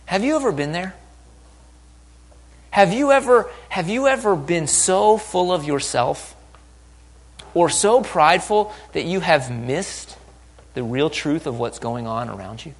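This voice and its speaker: Guy preaching a sermon, gets loud then drops real quiet, acts out the voices. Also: on the high side, unhurried, pauses often. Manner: animated, acts out disciples' voices with wide swings in loudness. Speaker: pastor.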